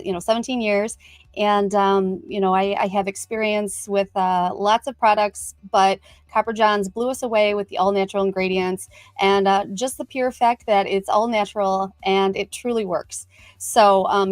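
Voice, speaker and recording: A woman's voice: medium pitch, dry recording. A middle-aged woman hosting a casual livestream, talking with lots of fillers and greeting viewers by name. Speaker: livestream host.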